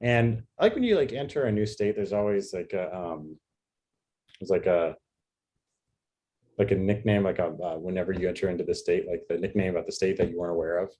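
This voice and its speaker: A man from New York doing a rambling stand-up set over a video call, halting with many fillers and restarts. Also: deep voice, mellow, a little hiss or hum. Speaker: stand-up comedian.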